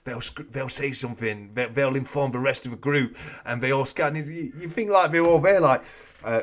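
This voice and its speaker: Bloke, livestream host, joking banter, mid pitch. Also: male voice, moderate pace, few pauses. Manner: chatty, joking, reads out viewer comments. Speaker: host of a coin-collecting live chat. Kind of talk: casual livestream chat.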